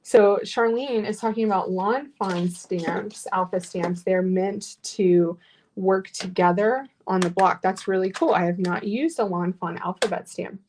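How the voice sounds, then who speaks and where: A woman's voice: medium pitch, darkish tone, a little hiss or hum. A woman teaching a live online scrapbooking class in a chatty, encouraging way, reading out viewer comments as she works.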